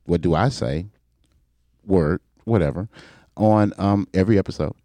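A man co-hosting a podcast in casual chat, talking in halting bursts with restarts and a playful quizzing manner on a close mic. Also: low voice, mellow, no echo. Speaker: podcast co-host.

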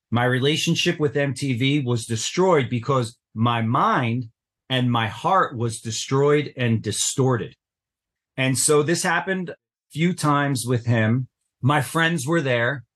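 Earnest middle-aged man telling his story. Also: mid-range voice. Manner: earnest, intense retelling with acted-out quotes. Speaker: podcast guest. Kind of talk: personal storytelling in an interview.

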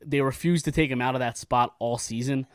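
A man's voice: medium pitch, steady tone, a little fast, clear, resonant tone, no room sound, clean studio sound. Talkative man guesting on a sports podcast. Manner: talkative, repeats words when starting thoughts. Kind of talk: casual sports podcast chat.

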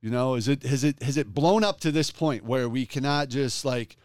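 A man's voice: mid-range voice, moderate pace, no room sound, studio quality. A man in his forties, swearing often while telling a story in a casual chat. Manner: profane, animated storytelling.

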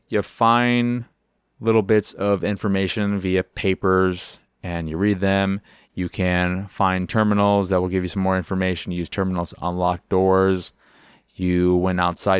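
A man with a fairly low voice rambles through a casual video game chat and swears freely. He acts out little scenes as he goes. His sound is close and dry, with no room around it. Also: smooth, no room sound. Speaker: podcast host.

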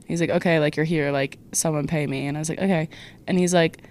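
A woman's voice: low voice, fairly even intonation, quick pace, darkish tone. A young woman chatting as a podcast guest, dryly retelling and correcting the story. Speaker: podcast guest, host's sister. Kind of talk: casual chat.

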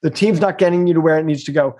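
A middle-aged man, an executive coach, talking casually in an interview, emphatic and expressive, speeding up in bursts and slowing down to make a point. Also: fairly high pitch.

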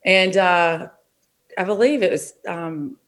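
A middle-aged woman, a football official, telling stories in a relaxed, frank way in an interview. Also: on the low side, slow. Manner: relaxed, frank anecdotal telling with short restarts. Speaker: NFL official, interview guest. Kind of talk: conversational interview storytelling.

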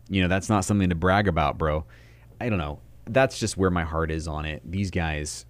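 Deep male commentator, indignant rant, dry close recording. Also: dry recording. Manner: indignant, ranting. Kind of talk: opinion commentary over video.

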